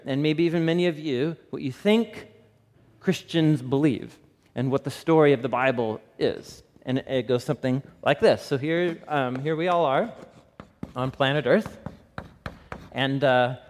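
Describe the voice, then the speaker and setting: Pastor, male, thirties, slightly higher register, lively storytelling sermon, long hall reverb. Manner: animated storyteller with laughs and asides to the audience.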